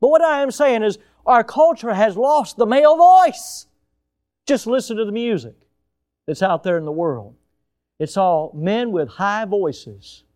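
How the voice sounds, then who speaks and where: A male pastor preaching a sermon with emphatic swings in loudness and pace, now and then putting on mocking high voices. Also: expressive, measured pace.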